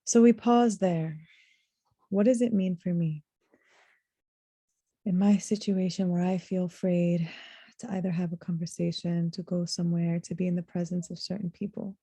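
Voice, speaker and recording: A woman giving a reflective religious lesson, speaking earnestly, slowing down to stress key words and reciting short Arabic verses. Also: on the low side, fairly even intonation, dark tone, dry recording. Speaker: Quran teacher.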